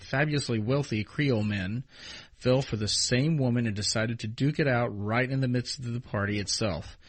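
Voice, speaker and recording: A man co-hosting a casual podcast, reading ghost stories aloud with a joking, playful manner. His voice sits at an ordinary middle pitch. The sound is close and dry. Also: no echo. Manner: playful, laughing, stumbles over words while reading. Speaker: podcast co-host.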